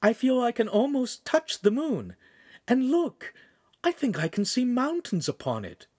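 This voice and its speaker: Awestruck young woman, high lively voice, dry close sound, as a man reads her. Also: measured pace, breathy edge, no room sound, full character voice. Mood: amazed. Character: excited young woman gazing at the moon.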